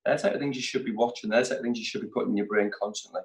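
A man's voice: fairly low pitch, steady tone, rapid-fire, rough recording. A man hosting a sales training session, chatty and direct, with a jokey motivational tone.

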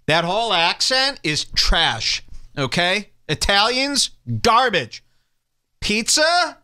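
A man's voice: high-pitched, big pitch swings, takes it slowly, bright, forceful tone, clean tone. A man hosting a podcast, ranting sarcastically and hurling insults while commenting on clips. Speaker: podcast host.

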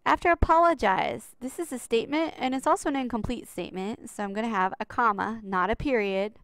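A woman's voice: on the high side, fairly quick, fairly bright tone, no room sound. Upbeat woman teaching a writing lesson. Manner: chatty, upbeat, addresses students as lovelies. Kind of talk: recorded writing lesson over slides.

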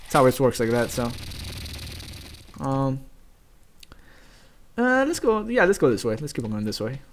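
Brief: man, let's-play commentator, lively swooping pitch, jumpy and chatty. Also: a little slow, slight background noise. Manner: excitable, chatty, yelps and laughs at the game; talks directly to viewers. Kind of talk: gameplay commentary.

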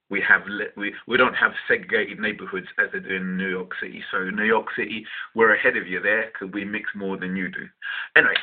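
A man with a London accent tells a personal story casually and bluntly, swearing freely and often restarting his sentences. His fairly low voice sounds husky. The recording is tinny and phone-like. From West London. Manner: blunt and profane, talks in restarts. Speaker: vlogger telling a personal story.

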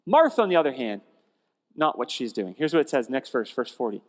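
A man's voice: medium pitch, a little fast. Conversational male pastor in reverberant church. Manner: conversational, animated storytelling with restarts. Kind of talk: sermon. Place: church sanctuary. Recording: long church hall reverb.

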